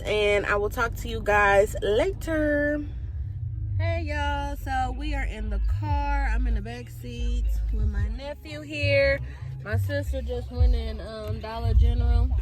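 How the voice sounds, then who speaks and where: A woman's voice: fairly high pitch, unhurried, music in the background. A woman vlogging from the back seat of a parked car, playfully cooing at her baby nephew in a sing-song way. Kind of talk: casual vlog chat. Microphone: phone held in hand.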